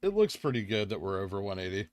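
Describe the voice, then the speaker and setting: A man hosting a live trading stream, reading chat aloud and talking casually with lots of fillers, drifting from quiet murmurs to excited bursts. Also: fairly low pitch, fast talker. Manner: rambling, filler-heavy, swings from quiet muttering to excited bursts. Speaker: livestream trading host.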